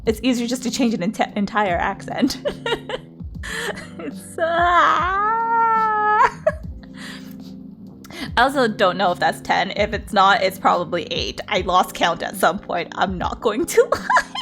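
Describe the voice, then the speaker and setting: A woman's voice: mid-range voice, sing-song, measured pace, pauses often, fairly bright tone, soft background music. A woman streamer in casual livestream chat, chatty and laughing often.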